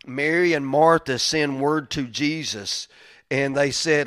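A man's voice: a little high, slow. Folksy man preaching a sermon. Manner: folksy and conversational, building to loud emphatic stretches. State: stuffy from crying. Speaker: pastor.

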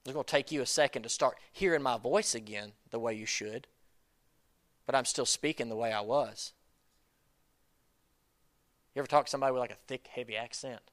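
A bright, forceful-sounding man, preaching in a loose, conversational way. He drifts through asides, then pushes his voice up into sudden loud bursts. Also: mid-range voice, fairly quick, long pauses. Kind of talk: sermon.

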